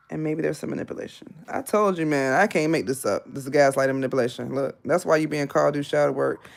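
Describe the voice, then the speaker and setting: Woman, 30s, blunt live tarot reader with a lower voice, rambling chat that jumps up in pitch. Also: quick pace, vocal fry, hardly any pauses. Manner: blunt, animated, laughing asides.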